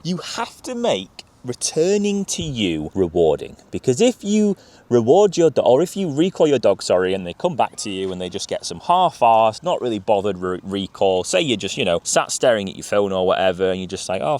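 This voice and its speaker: Animated man with a lively voice. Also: fairly low pitch. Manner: emphatic, animated, direct. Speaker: gundog trainer. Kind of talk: instructional talk to viewers.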